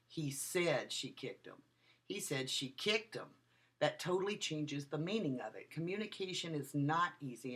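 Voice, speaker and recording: In a recorded video lecture, a woman who teaches at a university speaks with animation and emphasis, going back over her main points again and again. Her voice sits low.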